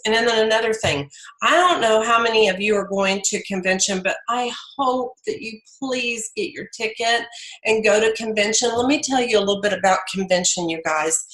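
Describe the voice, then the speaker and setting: A woman's voice: mid-range voice, a bit bright, reverberant, low-quality recording. A middle-aged woman giving a rambling, chatty motivational talk to her team on a video call. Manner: rambling, chatty, full of fillers and restarts. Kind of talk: casual motivational pep talk.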